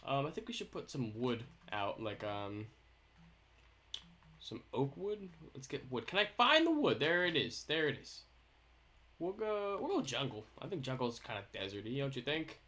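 A young man talks through a game build in casual let's-play commentary. His voice is bright and bouncy, with pitch that swings widely. He keeps up a goofy, playful stream of jokes aimed at himself. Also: big pitch swings, moderate pace. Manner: goofy, playful, jokey self-talk. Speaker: gaming YouTuber host.

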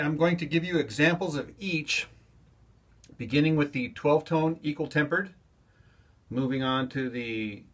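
A man's voice: medium pitch, fairly bright tone. A man who makes cigar box guitar fretboards, giving a casual how-to tutorial and explaining each step plainly.

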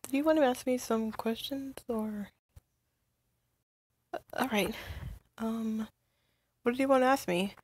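A woman's voice: fairly high pitch, a little slow, long pauses. A young woman playing a shy, lonely undead young being in a role-play spoken to the listener, stuttering and hesitant.

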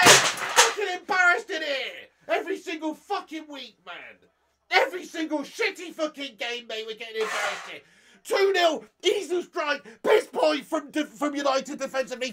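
A young man ranting angrily and loudly as host of a live football watch-along, swearing constantly. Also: extremely high pitch. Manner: angry, sweary, loud ranting. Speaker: football fan livestream host.

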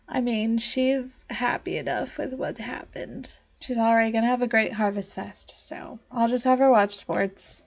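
A woman's voice: on the high side, a little slow. A young woman giving casual gameplay commentary as a let's play host, talking straight to the characters on screen and getting exasperated with them. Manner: talks to the game characters, easily exasperated.

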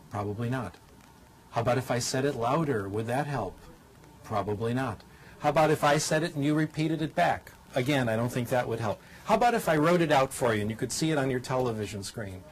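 A man's voice: medium pitch, a little hiss or hum, rough recording. An older man lecturing to a studio audience in a dry, humorous way, teaching by demonstration.

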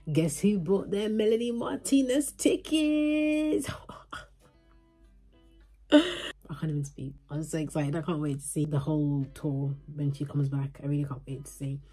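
A woman's voice: low voice, expressive, a little slow, warm tone, slightly rough, faint music behind. A woman, chatting casually to camera in a filler-heavy vlog while getting over a sore throat. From England. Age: 20s. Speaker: vlogger. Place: at home.

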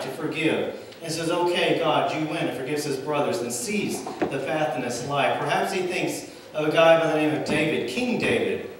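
A male pastor preaching a sermon, with dramatic pauses and swells and drops in volume. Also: a little high, slight background noise. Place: church sanctuary. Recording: echoey church hall from far off, faint ambience.

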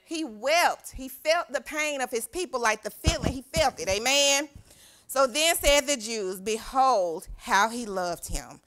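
Woman youth pastor, bright and slightly high voice, animated sermon delivery with call-and-response. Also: measured pace. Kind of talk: sermon reading scripture aloud. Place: church sanctuary.

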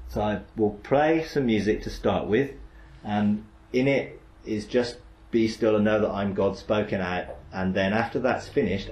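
A man's voice: on the low side, a little mellow. Man teaching in an echoey room. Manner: conversational, rambling, with frequent "you know" and restarts. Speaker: Christian teacher leading a meditation exercise. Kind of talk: informal teaching session. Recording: roomy echo.

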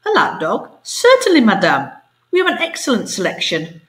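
A woman doing a shrill squawking cockatoo. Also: wildly swooping pitch, normal speed, fairly bright tone, roomy sound. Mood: fussy. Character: squawking male cockatoo, eager assistant.

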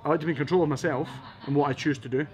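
A Scottish man telling his life story in a casual interview, quick and lively, acting out the people in his stories. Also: fairly high pitch. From Scotland. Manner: fast, lively storytelling with acted-out quotes.

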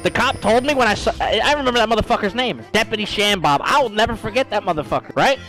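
A man's voice: high-pitched, expressive, fast talker, a bit bright, faint music behind. A man streaming a game while telling a story in casual, profane slang, calling his listeners bro.

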